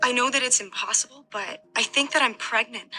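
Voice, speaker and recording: An actress playing a frail, pregnant young bride who speaks softly and earnestly. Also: female voice, fairly high pitch, brisk. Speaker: film character in a clip.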